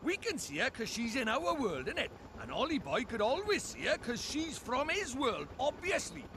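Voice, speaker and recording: Cocky fairy sidekick, very high and bouncy, sarcastic, noisy game audio. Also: male voice, huge pitch swings, moderate pace, exaggerated voice. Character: cheeky chatty male fairy sidekick.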